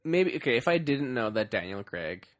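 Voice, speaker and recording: A man co-hosting a casual movie review podcast, animated and giggly. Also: medium pitch, normal speed, no room sound, clean studio sound. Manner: animated, giggly, playful banter. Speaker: podcast co-host.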